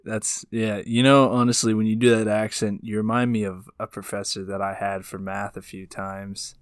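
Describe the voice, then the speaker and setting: A man's voice: on the low side, little pitch movement, normal speed, clear, resonant tone, no echo. A young man co-hosting a podcast, swearing a lot in casual chat. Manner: crude, swearing. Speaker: podcast co-host. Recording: dry close sound.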